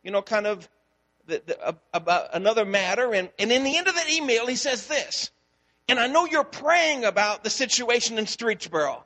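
A man's voice: very high voice, moderate pace, long reverb tail. A man, a pastor, preaching a sermon and telling a story, acting out the dialogue. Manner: storytelling, animated, acts out dialogue.

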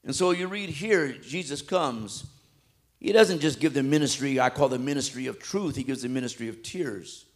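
Using plain, everyday language full of repeats and restarts, a man delivers a fervent sermon. His medium-pitched voice moves at normal speed, shifting from loud, forceful highs to quiet, soft passages.

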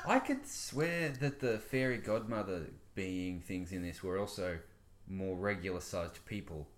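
A man's voice: deep voice, measured pace. A man in a casual chat, trading dry, sarcastic quips. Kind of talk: casual chat about film trailers.

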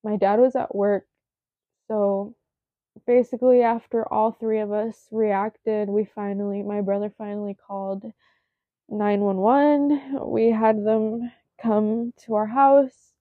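A young woman recounts a hard personal story in a halting, shaken way, full of "like"s, sometimes sinking to a near-whisper. Her voice sounds narrow and tinny, like a phone line, with no room sound at all. Her pitch sits in the middle for a woman. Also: flat delivery, no echo. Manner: halting, filler-heavy retelling, often dropping to a near-whisper. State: shaken, emotional.

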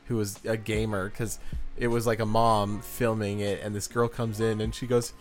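A man co-hosting a podcast, chatting casually and retelling stories with lively voice impressions. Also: on the low side, moderate pace, faint music behind. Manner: animated storyteller, mimics voices in retellings. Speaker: podcast co-host. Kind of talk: casual chat.

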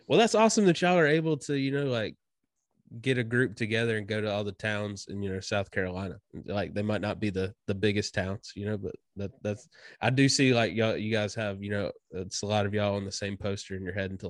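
A man's voice: lowish voice, no room sound, studio quality. A man hosting a casual chat, easygoing and asking follow-up questions. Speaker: podcast host.

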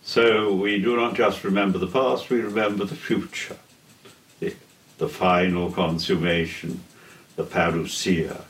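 An older man giving a theology lecture in a deliberate, solemn way, pausing between phrases. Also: low-pitched, steady tone. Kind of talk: slow measured theology lecture. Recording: echoey room, heard from a distance.

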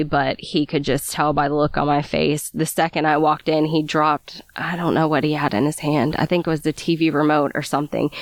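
A young woman recounting a painful memory as an interview guest, halting and sighing, stumbling over her words. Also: sits low, dry recording. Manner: halting, stammers and sighs while recalling. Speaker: guest telling her story. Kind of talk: emotional first-person account.

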